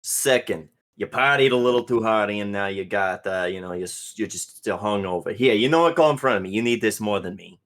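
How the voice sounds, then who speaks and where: A man voicing a loud, brash male mechanic with a wrench for a hand, talking over everyone in a tabletop game. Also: fairly quick, hardly any pauses, close to an everyday voice. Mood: indignant. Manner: booming, pushy, talks loud on purpose.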